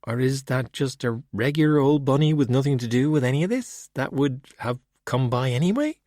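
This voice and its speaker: A man's voice: mid-range voice, expressive, brisk, warm tone, dry recording, close to an everyday voice. A man voicing a sarcastic, impatient young woman in an audiobook, talking in a snappy, sarcastic way. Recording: dry close audiobook recording.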